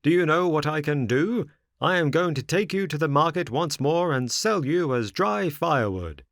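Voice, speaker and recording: A man voicing a greedy grown man who buys a puppet, with a gruff, indignant manner. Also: a little high, lively intonation, moderate pace, fairly bright tone, no room sound, studio quality, pitched above the performer's own voice. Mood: angry.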